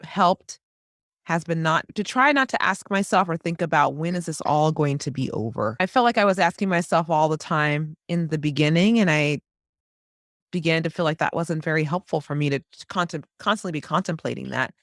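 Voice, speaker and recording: A woman speaking as a podcast guest over a video call, reflecting in a thoughtful, measured way. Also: deep voice, animated, no echo, studio quality. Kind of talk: casual chat.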